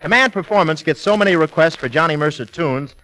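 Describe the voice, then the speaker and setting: A man's voice: on the high side, expressive, a little fast, fairly bright tone. A man hosting a 1940s radio comedy show, firing off wisecracks. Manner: wisecracking, punchy. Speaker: comedian host. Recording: noisy 1940s radio broadcast.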